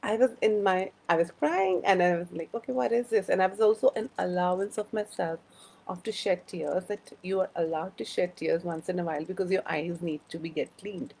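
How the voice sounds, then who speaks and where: Woman, low gravelly voice, rambling live-stream host, greets viewers by name. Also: moderate pace, darkish tone, rough recording. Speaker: host of a live wellbeing chat. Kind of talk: casual live-stream chat.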